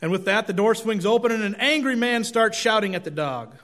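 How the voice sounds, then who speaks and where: A man's voice: high-pitched, animated, fairly quick, fairly bright tone. A middle-aged male pastor giving a conversational, self-deprecating sermon with folksy storytelling.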